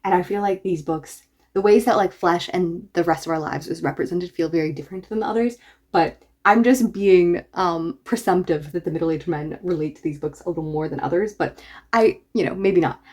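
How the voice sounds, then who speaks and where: Lady book vlogger gushing about novels, chatty and eager, slightly low voice. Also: a little fast, a little mellow. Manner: enthusiastic, chatty. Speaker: book reviewer. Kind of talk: casual reaction vlog.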